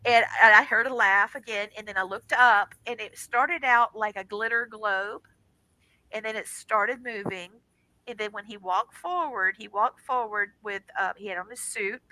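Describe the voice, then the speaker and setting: Middle-aged lady telling a wild story on a radio show, super bright voice, dry close mic. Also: mid-range voice, normal speed, dry recording, poor audio. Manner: animated, dramatic personal storytelling with quoted voices. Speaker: guest on a paranormal radio show. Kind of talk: casual storytelling.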